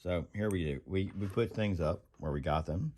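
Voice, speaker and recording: A man hosting a casual workbench vlog, rambling and laughing, breaking into sudden high whoops. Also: moderate pace, a little mellow, a little hiss or hum. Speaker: channel host. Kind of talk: casual tool-bench vlog.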